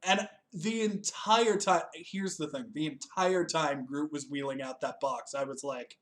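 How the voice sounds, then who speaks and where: A man's voice: a little high, a little slow, a bit bright. A young man hosting a casual chat, joking, swearing freely and laughing often as he reviews a TV special. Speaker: podcast host.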